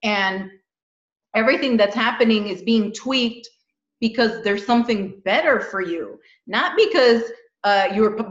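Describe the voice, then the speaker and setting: A woman co-hosting a casual spiritual chat, talking in animated, explanatory bursts. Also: a little high. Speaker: co-host. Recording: echoey, dull lo-fi audio.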